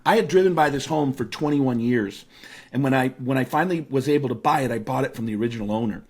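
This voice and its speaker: A middle-aged man as an interview guest, telling a personal story in a lively, storytelling way. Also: medium pitch, fast, slightly rough. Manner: animated storyteller who acts out voices in his anecdotes.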